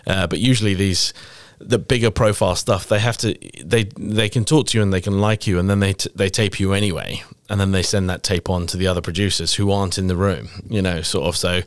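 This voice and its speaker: A middle-aged British actor talks through an interview in a very low, deep voice, rambling and self-deprecating, with plenty of "you know, sort of" fillers. The sound is dry and close, with no room around it. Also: male voice, fairly even intonation, fairly quick, few pauses, no room sound. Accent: British English. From England. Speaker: actor, podcast guest. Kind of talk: casual interview chat.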